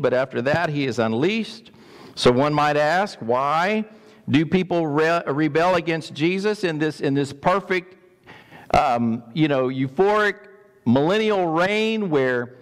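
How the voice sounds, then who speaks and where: Man, pastor, sermon, emphatic, asks the room questions, slightly high voice, long hall reverb. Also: clean tone. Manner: emphatic, repeats words, asks questions of the congregation.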